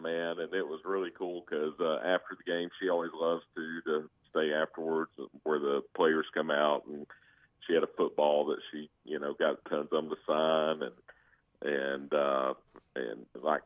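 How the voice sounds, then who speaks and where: Deep-voiced man on a tinny phone line. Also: no room sound. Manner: storytelling, animated, laughing. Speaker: caller, fan. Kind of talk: casual chat.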